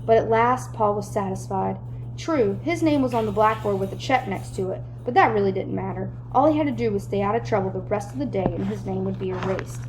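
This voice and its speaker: A woman reading a children's chapter book aloud in a lively, expressive way. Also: medium pitch, a little fast, a little hiss or hum, poor audio. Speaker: storyteller.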